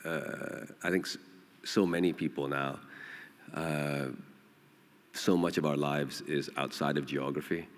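A man in his forties from Pakistan, speaking with an extremely deep, low voice. He answers slowly on a panel, thinking aloud between pauses and fillers. The sound carries the long reverb of a large hall. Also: fairly even intonation. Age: 40s. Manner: thoughtful, halting, many fillers. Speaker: panel guest, author. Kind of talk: live panel conversation.

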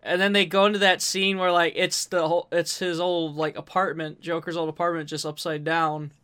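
A man's voice: on the high side, level tone, a little fast, bright, forceful tone, smooth. A man in casual chat, animatedly retelling scenes with frequent stumbling restarts. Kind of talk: casual chat about a comic book.

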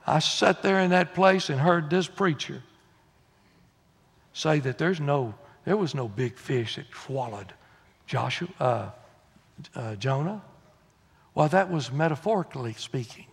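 A man preaching a sermon, folksy, moving from quiet confiding asides to loud exhortation. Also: medium pitch, vocal fry, husky. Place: church sanctuary. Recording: long church-hall reverb.

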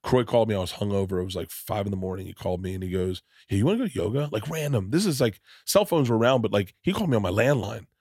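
Male podcast host and comic, deep-ish voice, loose rambling anecdotes full of profanity, dead-dry mic. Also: lively intonation, quick pace, hardly any pauses, a little mellow, no room sound. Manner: rambling, restarts sentences, swears freely; acts out quoted people in his stories. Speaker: podcast host and stand-up comedian. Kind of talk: casual storytelling chat.

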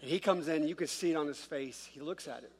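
A man's voice: fairly high pitch, fast, breathy edge. Man preaching with a humorous storytelling touch. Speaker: pastor. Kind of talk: sermon with a personal story. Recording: long reverb of a large church hall.

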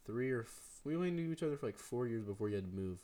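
A man's voice: medium pitch, lively intonation, fast talker, mellow. A teenage boy co-hosting a podcast, chatting casually with a friend, slangy and rambling, laughing often. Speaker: podcast co-host. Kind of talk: casual chat between friends.

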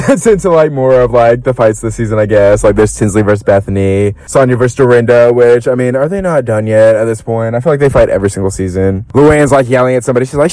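A young man hosting a podcast, chatting about reality TV in a casual, animated way, full of fillers and swearing, with high-pitched bursts when he quotes people. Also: no room sound, low-quality recording. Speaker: podcast host. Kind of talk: casual gossip commentary.

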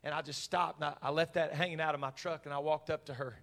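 A man's voice: a little high, steady tone, fast, vocal fry, a bit bright. A man, a pastor, preaching a sermon and telling a personal story in a conversational way.

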